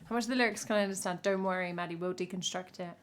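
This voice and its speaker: A woman's voice: on the low side, steady tone, racing. Wry, chatty English woman streamer. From England. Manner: chatty, wry, jokey asides. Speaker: streamer and singer-songwriter. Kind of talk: casual live-stream chat reacting to a music video.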